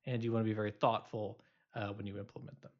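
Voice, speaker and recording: A man's voice: fairly low pitch, flat delivery, fast, lo-fi sound. Man explaining code in a lecture. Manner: loose explaining with many fillers and restarts. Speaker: instructor. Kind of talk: recorded programming lecture.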